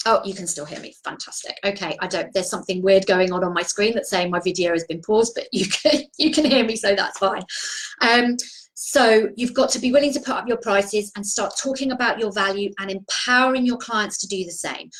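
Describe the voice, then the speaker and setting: A woman's voice: mid-range voice, a bit bright, rough recording. A woman coaching viewers on a live video stream, talking earnestly and encouragingly, often restarting her sentences. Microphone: video call.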